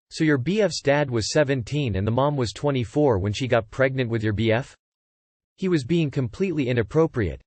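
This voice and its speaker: A man narrating online forum posts aloud in a steady, scripted reading style. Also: medium pitch, dry recording.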